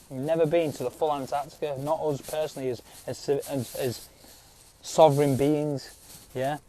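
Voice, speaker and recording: A man's voice: medium pitch, dark tone. A man with speech ranting to viewers in a rambling, insistent way, swearing often and adding "yeah?" to his points. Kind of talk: casual rant to viewers.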